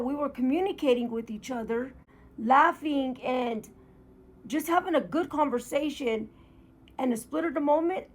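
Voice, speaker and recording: A woman talking in a candid, emotional, rambling vlog monologue about her own life, recorded at home. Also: high voice. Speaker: motorcycle vlogger.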